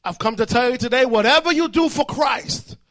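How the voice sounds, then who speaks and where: A man preaching a fervent sermon in church, shouting and repeating his lines. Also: very high voice, a little fast.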